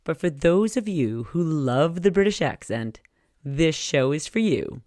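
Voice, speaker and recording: A woman's voice: low voice, expressive, a little slow, dark tone, dry recording, clean studio sound. A woman hosting a podcast, chatting playfully and teasing her guest in a casual interview. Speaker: podcast host.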